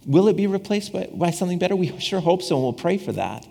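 A male preacher gives a conversational sermon and keeps circling back over his own phrases. His husky voice swings widely in pitch as he plays out the voices in his story. The sound carries a long reverb, as in a large church hall. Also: sing-song, fast, mellow. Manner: conversational, repeats and restarts phrases, acts out quoted voices with humor. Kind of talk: casual sermon.

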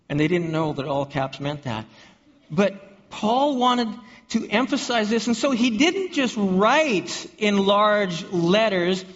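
A man's voice: sits high, fairly bright tone. A man preaching a sermon to his congregation, often repeating and restarting words and asking the room questions. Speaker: pastor. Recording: dull audio with long hall reverb.

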